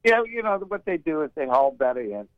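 A man's voice: on the high side, very animated, brisk, no room sound. A man calling into a radio show, chatty and cynical, often repeating words. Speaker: caller. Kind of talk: casual call-in talk. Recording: dull phone-line call.

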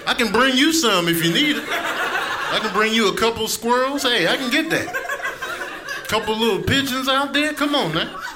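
A man's voice: very high-pitched, expressive, moderate pace, noisy background, pitched above the performer's own voice. A man doing a bossy indignant house cat. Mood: demanding. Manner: loud, indignant, scolding. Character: hungry bossy house cat, demanding and irritated.

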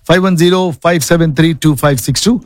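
A man's voice: on the high side, normal speed, a little mellow, dry recording. An upbeat man hosting a radio call-in show from a studio, speaking in a slightly raised voice. His voice is dry and close, with no room sound around it. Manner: upbeat, repeats the call-in number.

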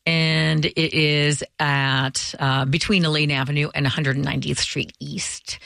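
A woman's voice: deep voice, steady tone, a little slow, gravelly, a bit bright, no room sound, studio quality. Chatty woman doing radio traffic. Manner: chatty, joking. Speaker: radio co-host giving traffic. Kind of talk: casual on-air chat. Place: radio studio. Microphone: close studio mic.

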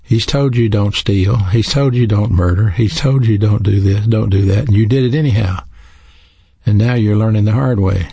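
A man's voice: fairly low pitch, normal speed, creaky, dark tone, husky, dry recording. A man preaching a sermon in an earnest, teaching way, spelling out words letter by letter.

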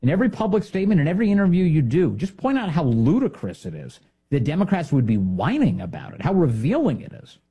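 A man's voice: fairly high pitch, huge pitch swings, fast, mellow, slightly rough. A man hosting a political commentary show, talking in a sarcastic, indignant monologue full of rhetorical questions. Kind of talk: opinionated monologue.

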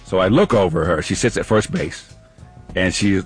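A man's voice: low voice, lively intonation, moderate pace, soft background music. A man co-hosting a radio show, telling a casual story with lots of laughs.

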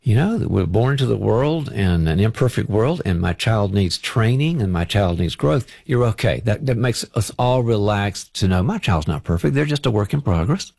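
Low-voiced man giving calm parenting advice. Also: moderate pace, creaky, hardly any pauses, no echo, clean studio sound. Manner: calm, direct, practical advice. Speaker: parenting author and guest expert. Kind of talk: advice on a talk show.

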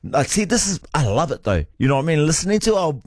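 A man's voice: on the high side, sing-song, fast talker, darkish tone, dry recording, studio quality. A man hosting a radio show, bantering casually and joking in a playful way. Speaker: radio host.

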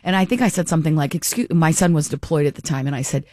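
A woman's voice: deep voice, quick pace, few pauses, no echo. Chatty woman radio host, dry studio sound. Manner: chatty, animated, repeats words when starting sentences. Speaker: radio talk show host. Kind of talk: casual radio chat and storytelling. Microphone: studio microphone.

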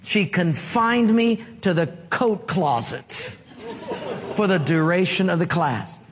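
A man's voice: high-pitched, slow pace, crowd noise. A male pastor preaching a sermon, asking rhetorical questions and drawing call-and-response from the congregation. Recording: long reverb of a large hall.

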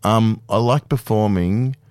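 A man's voice: on the low side, unhurried, darkish tone, clean tone, no echo. A man in his fifties, a guest speaking candidly and self-deprecatingly in a casual radio interview, laughing easily. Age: 50s. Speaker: guest performer.

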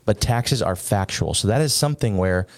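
A man with a fairly low voice explaining tax planning as a financial advisor on a radio show. His delivery is firm and matter-of-fact, calm and to the point. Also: normal speed. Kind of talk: radio talk show discussion.

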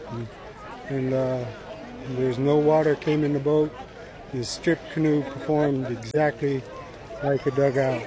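A man, a canoe carver, giving plainspoken, halting interview answers outdoors. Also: a little high. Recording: crowd noise behind voice.

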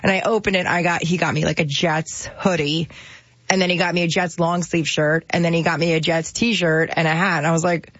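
A woman's voice: lowish voice, level tone, a little fast, a bit bright, dry recording, highs cut off. A woman from New Jersey, co-hosting a radio show, telling a story in chatty casual banter with many fillers.

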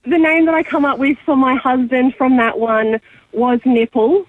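A woman's voice: sits high, steady tone, normal speed, narrow, tinny audio. A woman calling into a radio show, self-deprecating and giggly. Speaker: caller. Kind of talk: phone-in chat.

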